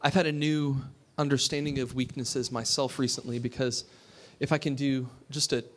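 A pastor giving a sermon. He talks in a conversational way, asks his listeners questions and drops to a hush for emphasis. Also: mid-range voice, flat delivery, normal speed.

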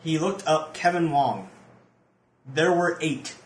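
A man's voice: on the high side, slow pace. A man co-hosting a podcast in casual chat. He rambles and loses his train of thought. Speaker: podcast co-host. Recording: echoey room with faint noise.

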